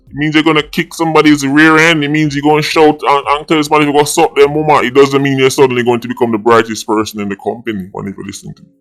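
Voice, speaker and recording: A man's voice: a little high, fairly bright tone. A man with a Jamaican accent hosting an opinionated commentary vlog, indignant and slipping between patois and English. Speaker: vlogger host.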